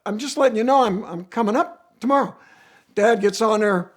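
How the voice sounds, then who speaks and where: A man, a racer, telling a casual car story in an animated, storytelling way. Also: fairly quick. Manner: animated storytelling with swings in pitch and volume. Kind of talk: casual anecdote.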